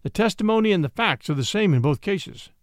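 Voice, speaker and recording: Sly gleeful schemer, middle-aged gent, high lively theatrical protests, narrator putting him on, dry sound. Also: male voice, brisk, no room sound. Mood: mock innocent. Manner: mock-indignant, theatrical protests.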